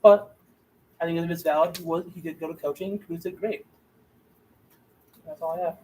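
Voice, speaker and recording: A man's voice: a little high, fairly even intonation, moderate pace, a little mellow, slight background noise, low-quality recording. A man giving a mock-serious debate speech with impassioned, theatrical outrage.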